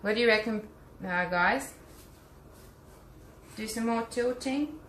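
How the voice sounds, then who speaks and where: A woman's voice: a little high, takes it slowly, fairly bright tone. A woman with an Australian accent chatting casually with live viewers while she paints, teacher-like and friendly in her asides. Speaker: art teacher and vlogger. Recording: roomy echo with faint hum.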